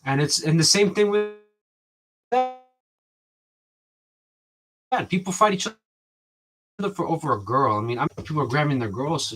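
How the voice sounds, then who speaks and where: A man's voice: on the high side, moderate pace, long pauses, fairly bright tone. A man talking in a rambling, casual way to his viewers, often restarting sentences and acting out what people said to him. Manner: rambling, restarts often, acts out quoted exchanges. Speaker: vlogger.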